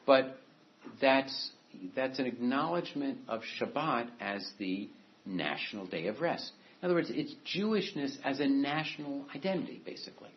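A man's voice: medium pitch, lively intonation, moderate pace. A man giving a classroom lecture, talking in a discursive, conversational way with many asides and restarts. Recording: echoey room from a distance, dull and muffled.

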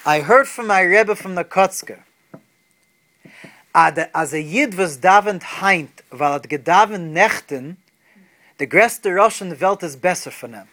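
A man's voice: high voice, expressive, measured pace, pushed and bright, exaggerated voice. A man voicing a humble, devout male Hasid who explains himself earnestly.

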